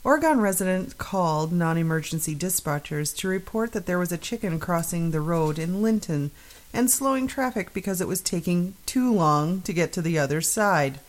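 A woman's voice: on the low side, expressive, normal speed. Giggly female radio co-host reading stories. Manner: giggly, protests in mock outrage. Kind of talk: reading news stories in comic banter.

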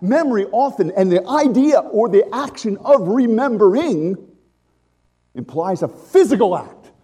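Lively, mellow-voiced man preaching. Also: high voice, slightly rough. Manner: conversational, lively preaching with restarts and asides. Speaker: pastor. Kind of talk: sermon.

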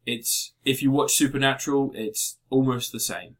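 A man's voice: medium pitch, fairly even intonation, normal speed. A man in casual, sweary chat, giving blunt opinions on TV series.

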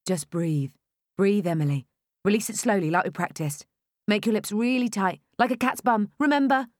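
Reassuring young husband, gentle soothing talk, read by a woman, dry close sound. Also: mid-range voice, moderate pace, no room sound, close to an everyday voice.

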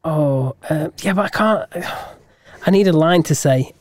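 A man's voice: fairly high pitch, measured pace, no echo. British male podcast co-host, bashful and self-deprecating, dry close-miked voice. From Britain. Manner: bashful, laughs, hesitant. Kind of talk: casual podcast chat.

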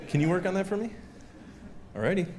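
A man's voice: sits high, animated, fast talker, a little mellow. A man giving a sermon in a conversational way, chatting and joking with a live audience.

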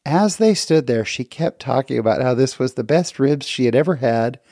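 A man's voice: medium pitch, animated, moderate pace, warm tone, no echo, studio quality. A middle-aged man telling a personal story in an earnest, reflective, conversational way.

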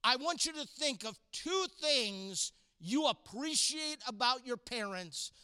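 A man giving a sermon to young people, playful and sarcastic, acting out quotes with animated voices. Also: very high voice, slow, smooth, no echo, studio quality. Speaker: youth pastor. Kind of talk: sermon to a youth audience.

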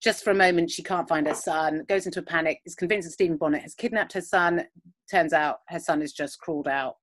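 Low-voiced rambling woman. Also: brisk. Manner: rambling, with many fillers and retellings of scenes. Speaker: podcast co-host. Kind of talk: casual chat recapping a TV episode. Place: home, recording remotely. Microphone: video call.

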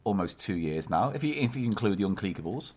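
A man's voice: fairly low pitch, lively intonation, fast talker, darkish tone, breathy edge. A man co-hosting a comedy podcast, chatting in a playful, bantering way. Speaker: podcast co-host. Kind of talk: casual comedic chat.

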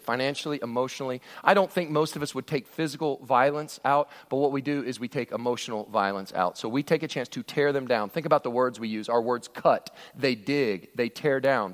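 A man preaching a sermon, earnest and emphatic, often restarting his sentences as he presses a point. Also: medium pitch. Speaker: pastor. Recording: reverberant hall recording.

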